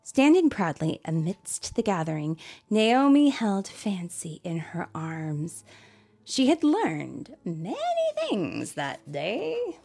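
A woman reading a children's storybook aloud, softly and often in a whisper, adding friendly asides to listeners. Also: lowish voice, huge pitch swings, takes it slowly, vocal fry, husky, soft background music. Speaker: storybook reader.

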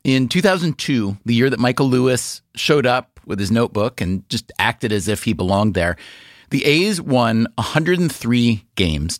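Measured male radio host, dry studio sound. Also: fairly low pitch, dry recording. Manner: measured, curious questioning. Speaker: podcast host. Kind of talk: radio interview and narration.

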